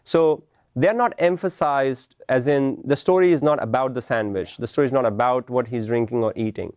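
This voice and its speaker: A man's voice: medium pitch, moderate pace, darkish tone, dry recording. Man, lecturer, explanatory, checks in with listeners, dry sound. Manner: explanatory, tags points with "right?". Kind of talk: classroom lecture on film composition.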